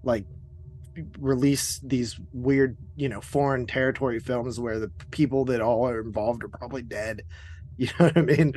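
A man's voice: mid-range voice, steady tone, moderate pace, a little mellow. Laid-back podcast guest man. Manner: laid-back, says "bro". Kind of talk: casual chat.

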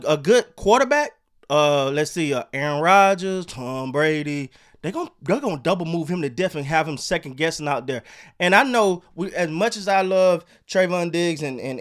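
A man ranting casually about football and basketball, animated, swearing and repeating himself. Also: high-pitched. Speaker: sports commentator. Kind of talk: casual sports rant.

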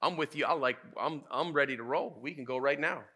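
A man voicing a brash young male disciple who talks in streetwise slang and loud denials. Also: medium pitch, fairly quick, breathy edge. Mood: eager.

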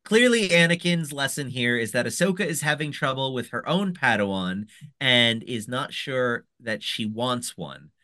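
Man, podcast co-host, lively pitch, excitable and rambling. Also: moderate pace. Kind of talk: casual recap chat.

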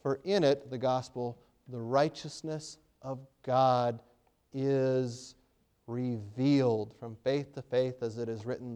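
A man preaching a sermon, retelling a story with sudden loud emphatic peaks and frequent hesitant restarts. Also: medium pitch, steady tone, measured pace, smooth. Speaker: pastor.

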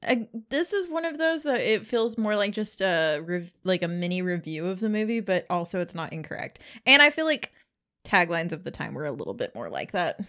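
Animated, wisecracking female podcast co-host with a lively, swooping delivery. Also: fairly low pitch. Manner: lively, joking, quick quips. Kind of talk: casual chat.

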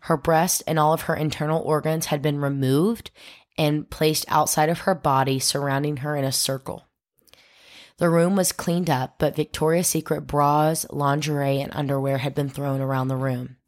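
A woman's voice: deep voice, fairly even intonation, normal speed. A woman podcast host telling a true crime story, dramatic and acting out the quoted voices.

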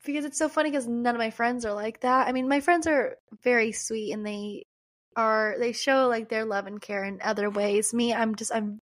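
Chatty young woman podcast co-host, high voice. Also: steady tone, moderate pace. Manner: chatty, lots of "like", acts out quotes. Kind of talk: casual chat.

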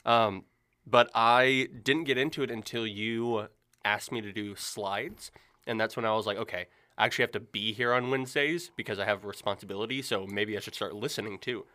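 A young man, a youth minister, chatting earnestly with many pauses and fillers. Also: on the low side, bright, forceful tone. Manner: earnest, rambling with many ums. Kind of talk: casual chat.

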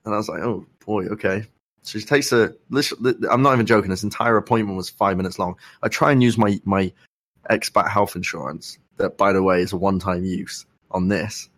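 A young man with a sore throat, speaking softly while telling a rambling, wry story in a casual podcast chat. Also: lowish voice, fairly even intonation, brisk, no echo. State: sore throat, soft-spoken. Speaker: podcast co-host.

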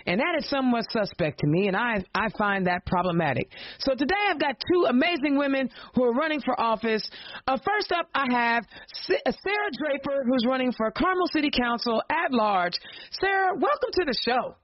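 A woman's voice: sits high, expressive, brisk, no room sound. A woman hosting a political podcast, ranting with passion and rhetorical questions in casual slang, then introducing her sponsors and guests. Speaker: podcast host. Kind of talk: impassioned political rant and show hosting. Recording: dull lo-fi dry podcast audio.

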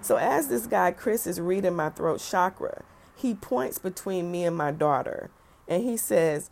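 A middle-aged woman telling a personal story in a lively way, acting out the voices of the people in it. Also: fairly low pitch, a little slow, gravelly. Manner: animated, acts out other people's voices.

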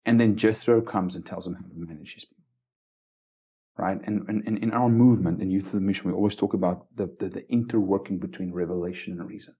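A man's voice: low voice, steady tone, fast, warm tone, husky. A man from South Africa, a guest on a faith podcast, telling stories earnestly, often stumbling over repeated words and checking in with "right?". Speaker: missions base leader, guest. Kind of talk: conversational storytelling interview.

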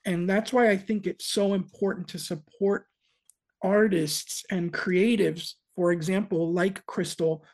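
A woman with an average-pitched voice talks as a guest on a casual podcast. She is earnest, and her phrasing is halting and full of restarts as she works toward her point. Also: steady tone, darkish tone.

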